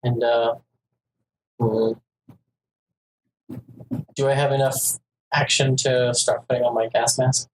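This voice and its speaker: A man's voice: mid-range voice, flat delivery, slow pace, long pauses, slight background noise, rough recording. A man playing a tabletop role-playing game, asking the game master casual questions. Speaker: player.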